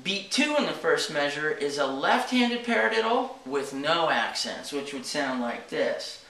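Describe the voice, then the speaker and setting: A man's voice: on the high side, big pitch swings, unhurried, sharp tone, far from the mic. A man teaching drums, explaining each step plainly and checking in with a frequent "okay?". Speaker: drum teacher. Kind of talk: casual instructional talk. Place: drum studio. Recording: echoey room from off-mic.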